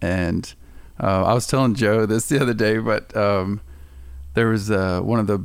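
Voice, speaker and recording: A man's voice: lowish voice, normal speed, clear, resonant tone, no echo. A young man, a podcast guest, telling a story in casual chat, laughing often and acting out the voices of people in it. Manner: animated, laughing, acts out quoted voices.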